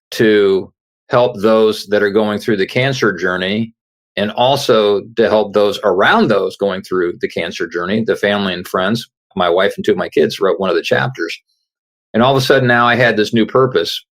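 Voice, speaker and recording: A middle-aged man with a slightly low voice tells his story as an interview guest. He is earnest and conversational, and he plays out the quoted lines of the people he met. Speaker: guest, author. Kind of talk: telling a personal story in an interview.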